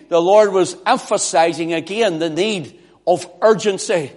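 A man preaching a fervent sermon in a church, swinging between loud declarations and hushed pleading. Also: fairly high pitch. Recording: long reverb of a large hall.

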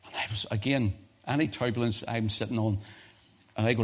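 A middle-aged man with a Northern Irish accent, a pastor preaching a sermon through animated, humorous storytelling. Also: lowish voice, brisk.

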